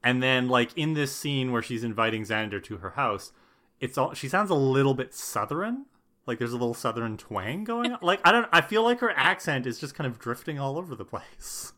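A man co-hosting a podcast and chatting casually about a TV show, animated and sarcastic, with exasperated asides. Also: mid-range voice, normal speed. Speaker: podcast co-host; teacher. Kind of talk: casual chat.

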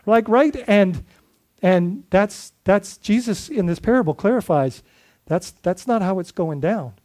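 A man's voice: high voice, lively intonation, unhurried, darkish tone. A man preaching a sermon as lead pastor, speaking conversationally and putting questions to his congregation.

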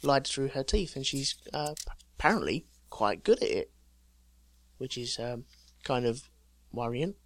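A man on a podcast, reading strange news items aloud and riffing on them with dry jokes. He sits close to the mic in a dead, dry space, with a medium-pitched, everyday voice. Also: big pitch swings, measured pace, a bit bright, dry recording. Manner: jokey storyteller, reading out news items with chuckles. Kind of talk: casual chat.

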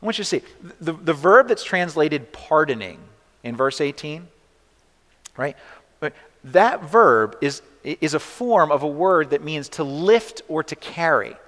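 Lively conversational male pastor preaching. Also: a little high, unhurried, big-room sound. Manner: conversational preaching with frequent "right?" asides. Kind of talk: sermon.

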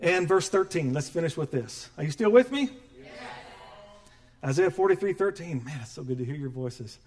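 Man, middle-aged pastor, animated joking sermon, high-pitched. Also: moderate pace. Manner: animated, joking, acts out quoted voices.

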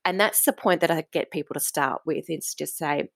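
A woman's voice: deep voice, moderate pace, gravelly, hardly any pauses, a bit bright, no room sound. A woman guest on a podcast, a food coach, talking in a flowing, emphatic way with frequent fillers. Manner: flowing, emphatic talk with many "like" and "you know" fillers. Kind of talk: casual podcast conversation.

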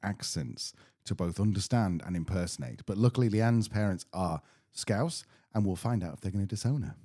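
A man's voice: fairly low pitch, normal speed, mellow. A man co-hosting a podcast, chatting casually with dry, self-mocking banter. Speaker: podcast co-host. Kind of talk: casual chat.

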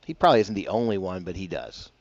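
Broadcasting from a bar on a broadcast mic, a man with a low voice hosts a casual morning golf radio show, talking fast and animatedly. He rambles and chats with self-deprecating asides, and the lo-fi sound has no echo.

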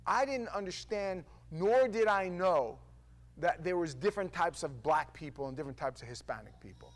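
New guy ranting casually to camera, kinda high voice, stumbles over his words a lot. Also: normal speed. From New York. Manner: animated storytelling with stammered restarts.

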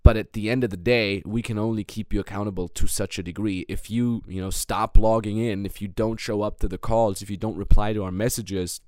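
A man's voice: lowish voice, fairly even intonation, fairly quick, hardly any pauses, a little mellow, dry recording, clean studio sound. A man hosting a business coaching podcast, talking in a blunt, heated monologue. He swears a lot and repeats words and restarts when worked up.

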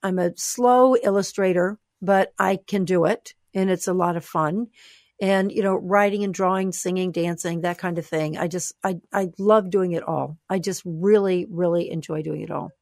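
A woman author talking as a guest in an interview, animated and expressive, sometimes playful. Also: on the low side, normal speed, dry recording, studio quality. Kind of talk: conversational interview.

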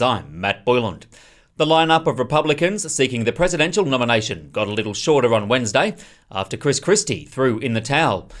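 A male newsreader presents the hour's headlines on a radio station. His delivery is formal and measured, his pitch an ordinary mid to low, and his reading stays steady throughout. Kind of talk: news bulletin reading.

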